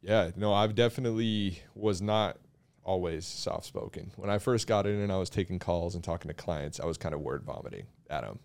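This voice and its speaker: A young man telling stories in a relaxed casual chat, laughing at himself now and then. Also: low voice, brisk, gravelly. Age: young adult. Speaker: young real estate agent.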